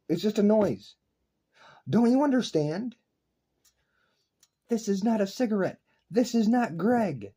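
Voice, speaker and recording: A young man delivers an intense philosophical rant straight to his audience, swearing and circling back over the same points. His voice is very dark and husky, and he talks slowly. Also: high-pitched, big pitch swings. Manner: intense, profane, repetitive, lecturing. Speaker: online video creator. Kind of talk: rambling philosophical rant to camera.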